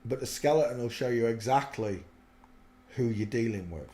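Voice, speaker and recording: A man's voice: mid-range voice, normal speed, dark tone. A man giving earnest, preachy spoken commentary on faith, rambling with many fillers, in an echoey room. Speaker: religious video host.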